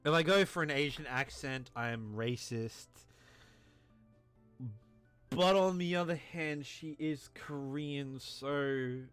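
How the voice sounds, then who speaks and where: A man's voice: on the high side, slow pace, fairly bright tone, clean tone, soft background music. A tipsy man gives a rambling, profane and jokey let's play commentary. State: tipsy from drinking.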